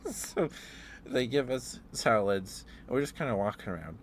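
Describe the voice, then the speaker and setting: A man in a soft-spoken ASMR ramble, telling meandering stories with fillers and chuckles. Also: medium pitch, big pitch swings, a little slow, a little hiss or hum. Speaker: ASMR streamer.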